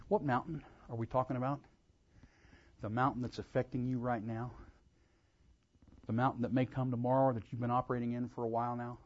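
A man preaching a sermon, swelling into loud emphatic cries. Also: mid-range voice, little pitch movement, brisk, long pauses, highs cut off. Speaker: pastor.

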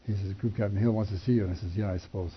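An older man telling a personal testimony, acting out the dialogue with animated shifts in voice and chuckling between lines. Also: on the low side, rapid-fire, slightly rough. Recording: dull lo-fi recording.

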